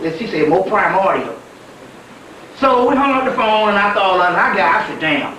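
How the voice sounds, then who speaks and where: A man's voice: high voice, animated, fairly quick, sharp tone, slight background noise. A man giving a rambling, profane spiritual lecture as a story, often laughing as he talks. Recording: echoey room from a distant mic.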